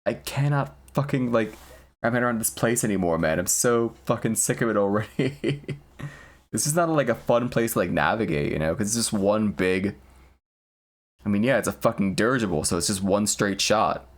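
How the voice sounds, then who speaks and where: A man's voice: on the low side, expressive, moderate pace. A young man streaming a game, chatting casually in a rambling, crude, jokey way and laughing often. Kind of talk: casual gameplay chat.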